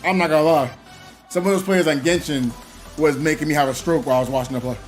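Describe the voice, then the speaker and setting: A man chatting casually on a gaming live stream, telling stories in an animated way and laughing often. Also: fairly high pitch, quick pace, soft background music. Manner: animated storytelling with frequent laughs.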